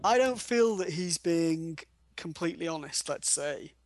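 A man from the UK, giving calm reassuring advice in casual chat. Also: on the high side, unhurried. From United Kingdom. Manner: gentle, reassuring, enthusiastic about people. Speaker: guest advisor, reader.

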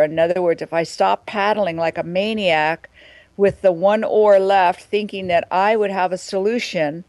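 A woman being interviewed as a guest, telling a personal spiritual story in a reflective, earnest way and slowing down for emphasis. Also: on the low side, a little mellow, no room sound, rough recording.

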